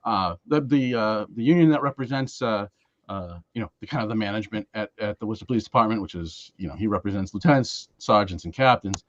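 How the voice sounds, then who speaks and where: A man hosting a local podcast, talking in a rambling, halting way with many fillers and restarts. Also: fairly low pitch. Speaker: podcast host. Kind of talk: casual podcast chat. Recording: dry, dull lo-fi sound.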